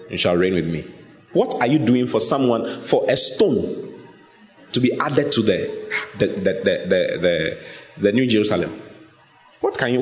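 A medium-pitched man delivers a sermon in a room with noticeable echo. He brings the story to life vividly and regularly turns to the audience with questions.

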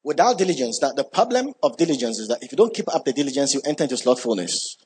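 A man preaching a sermon, emphatic, repeating key words and building up when excited. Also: mid-range voice, fast talker, husky.

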